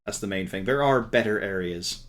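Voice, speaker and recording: A man narrating as game master in a tabletop game, wry and quick to laugh. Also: on the low side.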